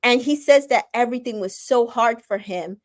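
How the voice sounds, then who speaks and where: A woman with a high voice talks through a reality-show episode in a relaxed, chatty way. She recounts scenes and drops sassy asides to her co-host. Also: moderate pace. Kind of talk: casual recap chat.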